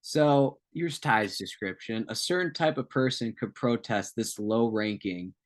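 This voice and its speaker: A man's voice: mid-range voice, a little slow. A man co-hosting a casual podcast, reading notes aloud with joking asides and tangents. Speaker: podcast co-host.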